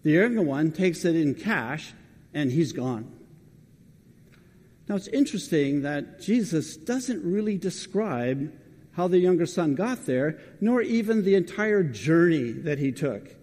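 A man preaching a sermon in a church, his voice a touch high but mellow and dark in tone. He talks in a conversational way and keeps turning to the congregation with direct questions. His words ring out with the long reverb of a large hall. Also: lively intonation, a little slow.

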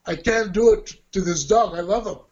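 A man with a high voice telling a personal story casually, slipping into quoted dialogue with real animation. The recording sounds dull and lo-fi. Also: moderate pace, a little mellow. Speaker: guest telling a life story. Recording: dull lo-fi audio.

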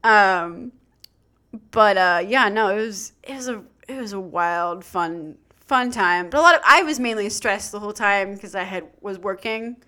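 A young woman chats casually on a podcast. She tells the story with lively energy and acts out the voices of the people in it. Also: mid-range voice, unhurried. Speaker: podcast co-host. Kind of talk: casual chat.

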